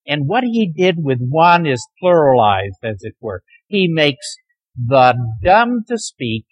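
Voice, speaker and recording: A man lecturing a class on the Bible, telling its stories dramatically and sometimes dropping to a near hush. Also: fairly high pitch, sing-song, measured pace, low-quality recording. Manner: dramatic storytelling, dropping to near hushed tones.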